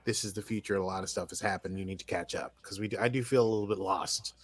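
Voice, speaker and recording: A man's voice: low-pitched, fairly even intonation, quick pace. Rambling American man, chatty podcast recap. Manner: chatty, rambling, many fillers and restarts. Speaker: podcast co-host. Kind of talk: casual chat recapping a TV episode.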